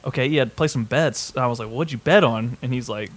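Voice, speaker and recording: Man, podcast co-host, casual story, rambling, swears a lot, mid pitch. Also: fairly quick. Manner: rambling, swears often, many restarts.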